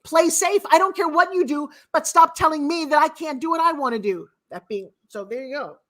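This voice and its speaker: Middle-aged woman, slightly high voice, a blunt and forceful speaker mentoring a crowd. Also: fairly quick. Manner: blunt and emphatic, with sharp swings in loudness. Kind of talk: casual motivational talk.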